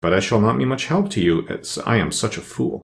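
A man's voice: on the low side, expressive, a little fast, gravelly. A man voicing a self-deprecating male scarecrow in a storybook reading. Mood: humble. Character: humble, foolish male scarecrow.

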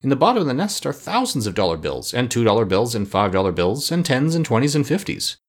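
A man's voice: medium pitch, very animated, quick pace. A man voicing an eager, clever young boy, in an audiobook reading. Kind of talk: storybook reading.

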